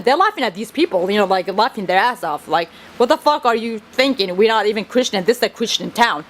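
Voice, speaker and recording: A woman whose native tongue is Kurdish vents to camera from a device held close. She rambles, swears and repeats herself in an agitated monologue. Her voice sits a little higher than most. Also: very animated, brisk, few pauses.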